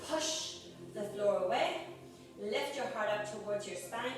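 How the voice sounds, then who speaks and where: A woman's voice: medium pitch, expressive, measured pace, music in the background. A woman yoga teacher guiding a live group class, calling out poses and breaths in an encouraging way. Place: group exercise studio. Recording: echoey room, voice far from mic, background noise.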